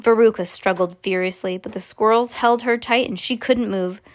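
A woman reading a children's book aloud to a child, expressive with small slips and self-corrections. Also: mid-range voice, normal speed.

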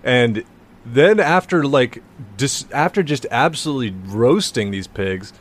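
A man's voice: mid-range voice, expressive, a little slow. A man co-hosting a podcast in casual comedic chat, laughing often and mocking quotes he reads aloud. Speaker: podcast co-host.

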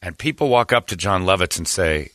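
A man's voice: low voice, fairly quick, dry recording, clean studio sound. A man hosting a radio show, telling a story casually and acting out the voices of the people in it. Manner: animated storyteller who acts out quoted voices. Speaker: radio host.

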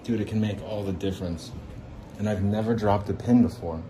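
A man's voice: fairly low pitch, fairly even intonation, fairly quick, noisy background. A man ranting in a casual, rambling monologue, agitated and swearing, with lots of fillers. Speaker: podcaster venting in a voice message.

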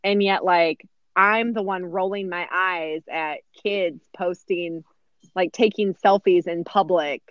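A woman's voice: lowish voice, takes it slowly, dry recording, muffled recording. A woman in her thirties co-hosting a podcast, chatting casually with lots of fillers and laughter. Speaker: podcast co-host. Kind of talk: casual chat recapping a sitcom episode.

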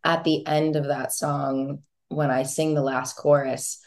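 Low-pitched woman, singer-songwriter guest, relaxed chatty interview talk with frequent laughs. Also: measured pace. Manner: chatty and expressive, laughs often. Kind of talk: casual interview chat.

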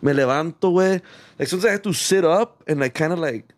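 Man, rambling casual storyteller, switches into Spanish slang, slightly higher pitch. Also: quick pace. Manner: rambling, many restarts, mixes Spanish slang and swearing. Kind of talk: casual chat.

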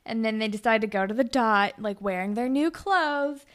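A woman co-hosting a casual podcast, recapping a TV episode in a chatty way with lots of fillers and quick acted-out quotes. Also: a little high, clean tone. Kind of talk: casual chat.

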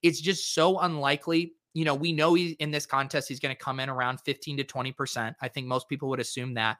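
Guy hosting a fantasy sports show, bright crisp voice, lots of ums and uhs, dry close sound. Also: medium pitch, quick pace, dry recording. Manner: relaxed, filler-heavy, thinking aloud. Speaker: fantasy sports podcast host. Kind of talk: casual solo lineup review.

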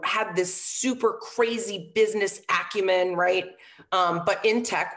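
A woman, a former football coach, telling a story as an interview guest in a casual way, often saying "um" and "right?" and acting out what others said. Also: mid-range voice. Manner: earnest, with frequent "um" and tag questions like "right?"; acts out quoted dialogue in lively voices.

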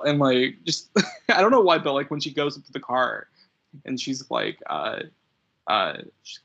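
A man's voice: mid-range voice, very animated, measured pace, pauses often, fairly bright tone, slightly rough. A young man co-hosting a movie podcast, rambling and giggling, swearing casually. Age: young adult. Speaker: podcast co-host. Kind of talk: casual chat. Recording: dull lo-fi audio.

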